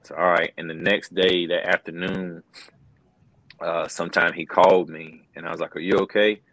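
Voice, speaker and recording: A man's voice: low voice, level tone, moderate pace, a bit bright, no room sound, poor audio. A middle-aged man, a wrestling commentator, telling a story in an earnest, loose way, often saying "bro" and "man". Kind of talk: casual interview storytelling.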